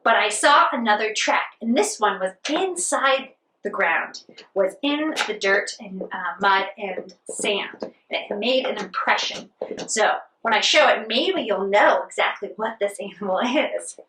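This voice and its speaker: A woman leading a playful children's yoga lesson, animated and sing-song as she talks to a child. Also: on the high side, unhurried, reverberant, recorded from a distance, poor audio. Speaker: kids' yoga teacher. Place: outdoors on a farm.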